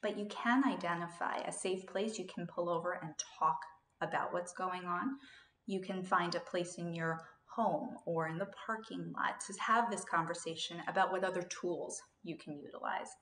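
A woman in her thirties explains a parenting technique in a calm, steady instructional talk, now and then acting out what a parent might say. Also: lowish voice, echoey room. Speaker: parenting educator.

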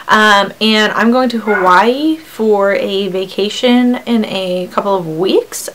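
A woman's voice: fairly high pitch, gravelly, a little hiss or hum, poor audio. A young woman vlogging in a casual, chatty, upbeat way as she unboxes beauty samples, with frequent ums and likes.

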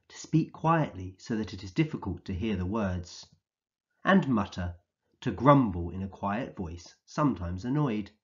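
A man teaching a recorded vocabulary lesson for young children, speaking slowly and clearly in an encouraging way and acting out the words he defines. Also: fairly low pitch, dull audio. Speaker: early years teacher.

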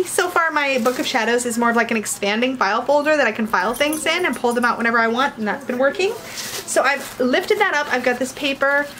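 Excitable woman vlogger, high sing-song voice, faint background noise. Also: low-quality recording. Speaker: tarot reader and video host. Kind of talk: casual unboxing vlog.

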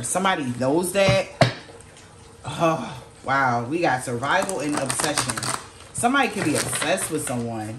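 A woman's voice: expressive, moderate pace, reverberant, noisy background. A woman giving a casual tarot reading, slangy and swearing freely, acting out what others might say. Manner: slangy, swears, quotes people in lowered voice. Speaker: tarot reader.

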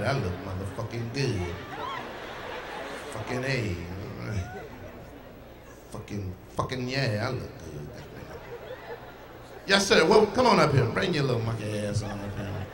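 A man doing crowd work in live stand-up, loud and profane as he teases people in the audience. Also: on the low side. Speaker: stand-up comedian. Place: large comedy venue with live audience. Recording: echoey live hall with room noise.

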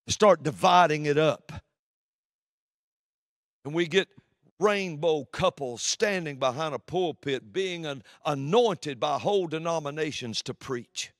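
A man preaching a sermon from the pulpit, swinging between loud declarations and hushed, low passages. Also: animated, measured pace, dry recording, clean studio sound.

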